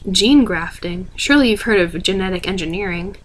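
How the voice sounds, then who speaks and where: A woman voicing a tight-lipped, contemptuous male scientist in a soft ASMR book reading. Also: on the low side, brisk, natural voice. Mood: cold.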